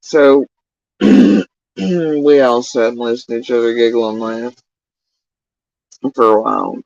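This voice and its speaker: A man's voice: medium pitch, fairly even intonation, creaky, a little mellow. A middle-aged man livestreaming casual, meandering chat, often swearing. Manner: profane, meandering, drawn-out. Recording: dull lo-fi dry sound.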